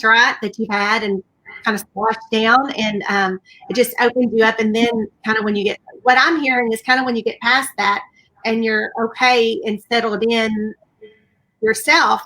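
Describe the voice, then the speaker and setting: A woman's voice: fairly high pitch, fairly bright tone, low-quality recording. A woman hosting an interview, talking reflectively in a casual, conversational way. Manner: reflective, conversational, many fillers. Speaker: interview host. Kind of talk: casual chat.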